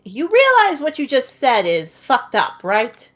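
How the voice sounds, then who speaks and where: A woman's voice: sits high, huge pitch swings, unhurried, fairly bright tone, soft background music, voice pushed up, full character voice. A woman voicing a blunt, protective young dragon princess who talks straight and swears freely. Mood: insistent.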